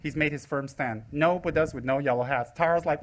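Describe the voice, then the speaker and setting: High-voiced teasing man giving a talk. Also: brisk. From United States. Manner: teasing, sarcastic, animated delivery. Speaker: Buddhist teacher. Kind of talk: live dharma talk.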